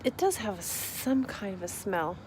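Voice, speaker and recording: A woman's voice: medium pitch, big pitch swings, a little slow, darkish tone, a little hiss or hum. A woman talking casually to camera in a vlog, chatty and rambling with frequent asides. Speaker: vlogger.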